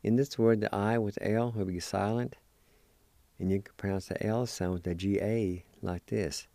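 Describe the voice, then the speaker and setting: A man hosting a language lesson, spelling words letter by letter and pronouncing them slowly and deliberately. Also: on the low side, steady tone, gravelly, dark tone, no echo. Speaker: host teaching Cherokee words.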